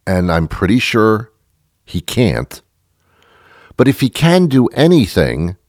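A man telling a ranting comic story, mocking himself and swinging from loud outbursts to mutters. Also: low-pitched, dry recording, studio quality. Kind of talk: comedic storytelling monologue.

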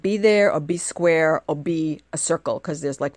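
A woman's voice: low-pitched, moderate pace, noisy background. A woman in her forties from the United States, talking in a casual, rambling monologue and often asking rhetorical questions. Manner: chatty, animated, asks rhetorical questions.

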